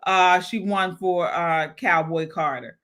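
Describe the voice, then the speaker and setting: A woman's voice: on the low side, steady tone, slow pace, a bit bright. A woman co-host in a casual panel chat who hesitates often with ums and uhs.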